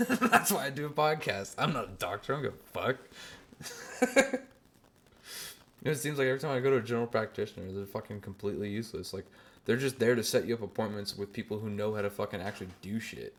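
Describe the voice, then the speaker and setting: A young man hosting his own podcast, telling a story in crude, animated casual chat and mocking other people's voices. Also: lowish voice, fast. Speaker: podcast host.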